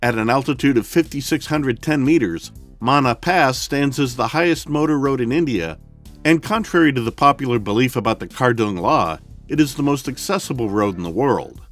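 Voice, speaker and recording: A man's voice: medium pitch, expressive, fairly bright tone. Man narrating a documentary over music. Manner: measured, explanatory, addresses viewers directly. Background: faint background music.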